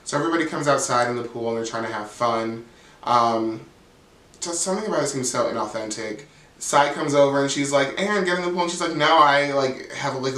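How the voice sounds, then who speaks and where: A man's voice: medium pitch, a bit bright. Sassy profane man in echoey room. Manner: sassy, blunt, profane, frequent "like". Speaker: reality TV recap host. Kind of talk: casual commentary. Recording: echoey room, mic at a distance.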